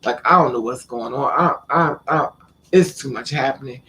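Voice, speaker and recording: A man's voice: medium pitch, normal speed, bright, forceful tone, a little hiss or hum. A man vlogging, telling a personal story in casual, profane speech and acting out the lines of the people in it. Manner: blunt, profane, quotes people in conversation.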